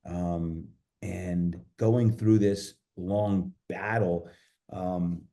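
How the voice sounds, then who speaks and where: Earnest low-voiced man telling his story. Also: warm tone. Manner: earnest, reflective, many fillers and restarts. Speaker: podcast guest, fitness coach. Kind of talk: personal storytelling in conversation.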